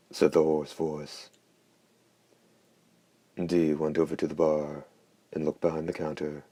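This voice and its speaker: Very deep, flat male audiobook narrator. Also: no echo. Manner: steady, even, unhurried reading. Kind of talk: scripted narration.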